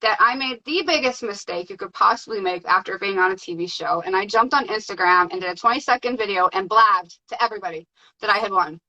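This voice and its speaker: A woman guest telling her story in a casual, excited way, with many fillers. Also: medium pitch, fast, dull audio. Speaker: podcast guest.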